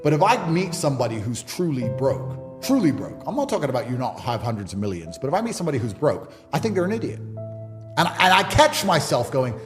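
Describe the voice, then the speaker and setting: A man's voice: mid-range voice, big pitch swings, a little fast. A man, delivering a blunt, emphatic motivational monologue as a podcast guest. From England. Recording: long reverb with music underneath.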